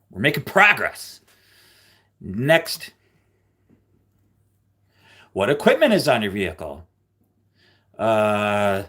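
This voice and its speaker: A man hosting a live stream in casual chat, joking and teasing his viewers. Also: a little high. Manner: joking, teasing, animated, often slips into loud playful bursts. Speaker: livestream host.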